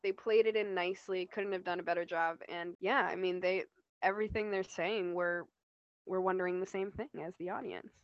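A woman's voice: on the low side, steady tone, brisk, no room sound, muffled recording. A young woman co-hosting a podcast, chatting casually and relaxedly about a TV episode, giggling and using fillers. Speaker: podcast co-host.

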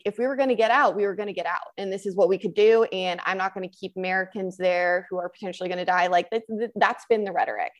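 A woman co-hosts a casual podcast discussion in a middle-pitched voice. She thinks out loud in a conversational way and leans on "like" as she weighs her points. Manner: thoughtful, peppers speech with "like". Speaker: podcast co-host.

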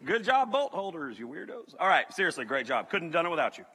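A man gives an animated, joking sermon to students and talks straight to the crowd. His voice is bright and a bit high. The sound carries the long reverb of a large hall. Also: fast, husky. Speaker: youth pastor.

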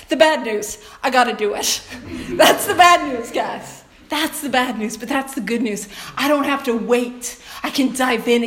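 A woman's voice: sits high, fairly bright tone. A woman speaking to a recovery meeting in an earnest, conversational way, often laughing and addressing the room directly. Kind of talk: personal talk to a meeting. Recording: echoey room recording.

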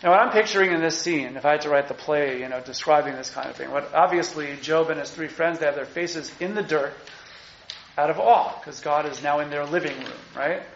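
Animated male lecturer in an echoey room. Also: fairly high pitch, brisk, vocal fry, muffled recording, slight background noise. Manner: animated, conversational, acts out quotes. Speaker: teacher. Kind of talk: lecture on scripture.

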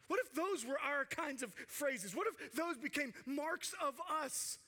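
High, bright-voiced male preacher. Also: lively intonation, a little slow. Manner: impassioned, acts out quoted cries, drops to hushed tones. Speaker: pastor. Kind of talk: sermon.

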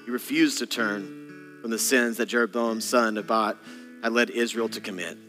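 A man's voice: fairly low pitch, steady tone, moderate pace. A male senior pastor preaching a sermon, dramatic, acting out voices in sudden bursts. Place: church auditorium. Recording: long hall reverb, faint guitar behind. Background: soft guitar.

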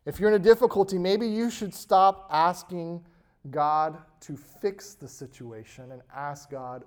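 A man preaching a sermon, reading scripture aloud and stressing key words before letting phrases trail off softly. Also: a little high. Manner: slow, emphatic preaching with soft trailing endings. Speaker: pastor.

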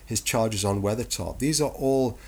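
A man's voice: fairly low pitch, moderate pace, a little mellow, breathy edge. A man hosting a podcast, delivering a sardonic, profane monologue on literature in a lecturing tone. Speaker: podcast host.

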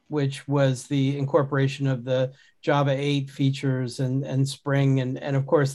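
A man's voice: mid-range voice, darkish tone. A man hosting a casual podcast conversation, talking in a rambling way with many restarts and fillers. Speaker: podcast host.

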